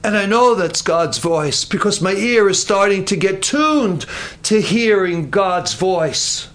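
A man's voice: high voice, very animated, takes it slowly, fairly bright tone, full character voice. Samuel, a preacher voicing an eager young boy.

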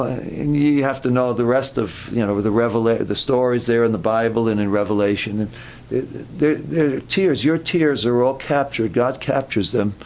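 A man's voice: medium pitch, a little hiss or hum. A man preaching a sermon at a camp meeting, earnest and given to repeating his words.

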